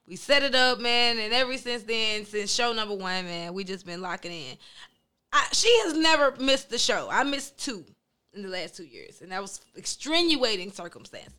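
A woman co-host talks with loud, playful, high energy. Her voice is bright and forceful and sits fairly high. She tells her stories in a chatty, animated way. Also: normal speed, smooth. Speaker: co-host and event host. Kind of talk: casual hype talk and storytelling.

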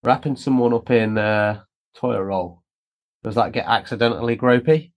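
A man's voice: mid-range voice, normal speed, lo-fi sound. A man co-hosting a casual chat, asking jokey, cheeky questions. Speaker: podcast co-host.

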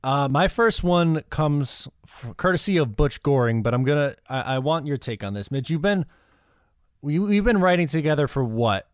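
A man's voice: fairly high pitch, normal speed, clear, resonant tone, dry recording, studio quality. A man co-hosting a casual podcast chat, joking and teasing. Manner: lively, joking, mocking. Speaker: co-host.

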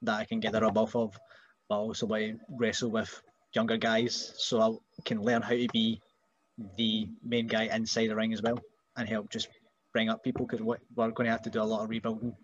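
A Scottish man with a lowish voice, a wrestler appearing as a guest in a casual chat, tells stories briskly and puts on voices as he goes. He's an animated storyteller, and the recording has its highs cut off.

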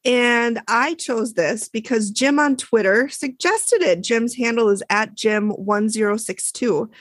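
Animated woman podcast host, higher voice. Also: a little slow, dry recording. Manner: animated storyteller, acts out dialogue, dramatic exaggeration. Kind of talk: casual chat.

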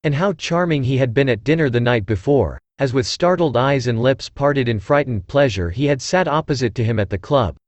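A synthesized male voice giving a measured scripted narration of a classic novel. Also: mid-range voice, dry recording.

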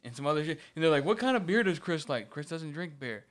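A man's voice: a little high, fast. A man telling a story in casual chat, swearing often and acting out what others said. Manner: animated storytelling, swears often, acts out quotes. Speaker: podcast co-host.

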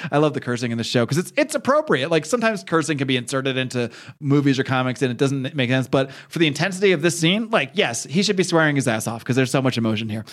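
A man's voice: mid-range voice, very animated, fast talker. A man co-hosting a podcast, casually retelling a comic and acting out the characters' lines, laughing often. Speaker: podcast co-host recapping a comic. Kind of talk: casual chat, retelling a comic with acted quotes.

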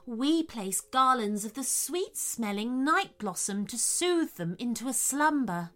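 A woman voicing a cautious female owl in a storybook reading, high and urgent. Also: expressive, measured pace, a bit bright.

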